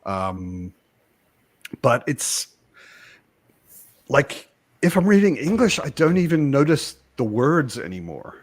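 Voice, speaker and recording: A man born in the United States hosting a casual live chat, talking in an animated way with frequent restarts. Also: mid-range voice, takes it slowly, long pauses. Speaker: host.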